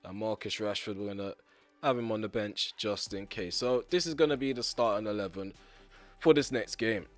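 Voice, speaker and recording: A young man talks over his football video game in a slightly low voice. He rants bluntly and swears mildly at his players. His voice sounds hoarse and worn. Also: moderate pace, soft background music. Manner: frustrated, ranting, blunt with mild swearing. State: voice getting hoarse. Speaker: gaming YouTuber. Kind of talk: live gameplay commentary.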